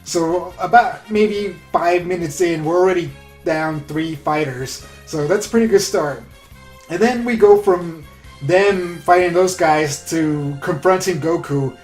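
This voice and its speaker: A man casually recapping an anime episode in a rambling, excitable way, full of fillers. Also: a little high, measured pace. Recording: roomy echo with faint music.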